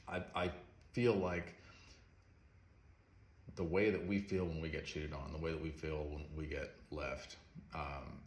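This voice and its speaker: A man talking casually and earnestly about a song he wrote, soft-spoken and rambling with fillers. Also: very deep voice, a little hiss or hum. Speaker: songwriter. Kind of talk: casual heartfelt vlog talk. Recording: echoey room with faint ambience.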